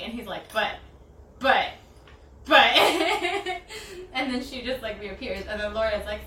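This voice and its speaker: A woman's voice: a little high, moderate pace. Giggly young woman, rambling, echoey room. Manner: giggly, rambling storyteller with animated quoted voices. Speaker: DIY crafter. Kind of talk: casual chat. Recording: echoey, distant, noisy room mic.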